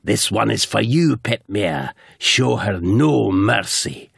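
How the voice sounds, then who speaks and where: A man voicing a cruel, commanding island laird in a slow, menacing storybook delivery. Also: lowish voice, expressive, gravelly, fairly bright tone, husky, no echo, clean studio sound, full character voice.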